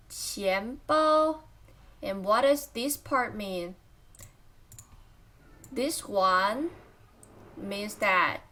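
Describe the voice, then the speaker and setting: A woman teaching vocabulary in a lesson, slowly repeating each word and naming its tones. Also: a little high, pushed and bright. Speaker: Chinese language teacher.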